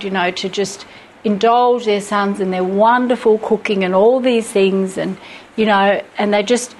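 A woman's voice: mid-range voice, darkish tone, slight background noise, poor audio. A middle-aged woman teaching Christian parenting from her notes, earnest and practical, with chatty personal asides.

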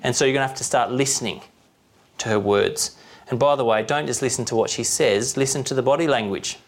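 Aussie guy giving a sermon, chatty, keeps asking the room questions, mid-pitched voice. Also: fairly quick. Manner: conversational, asks the listeners rhetorical questions. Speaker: preacher.

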